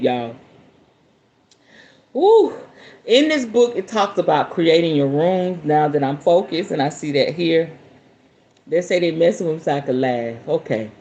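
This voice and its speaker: A woman hosting a spiritual podcast who chats casually with her listeners, laughs often and reads aloud from a book. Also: low-pitched. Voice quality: expressive, laughs often, talks straight to viewers.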